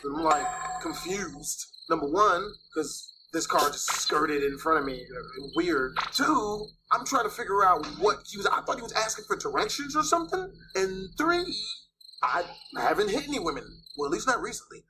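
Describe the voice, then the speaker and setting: A man narrating a profane comic story for an animated video. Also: high-pitched, moderate pace, noisy background.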